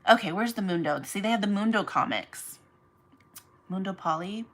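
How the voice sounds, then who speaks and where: A woman's voice: medium pitch, moderate pace, rough recording. A woman hosting a casual livestream as she packs orders, chatting and rambling off on tangents while talking to her viewers by name. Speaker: online reseller livestream host.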